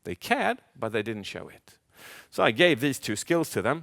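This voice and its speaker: A man speaking as a communication coach in a live keynote, animated, asking the audience questions and acting out inner voices. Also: medium pitch, moderate pace. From Sweden. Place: large event hall. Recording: long hall reverb.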